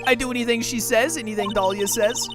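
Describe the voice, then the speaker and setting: A woman voicing a big, gentle male convict who speaks halting, broken English, with game music behind. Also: on the high side, steady tone, lightly acted.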